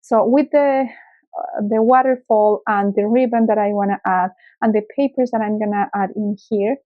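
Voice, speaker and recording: A woman hosting a craft tutorial, explaining each step slowly and carefully with small fillers, an English speaker. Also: medium pitch, steady tone, phone-quality sound.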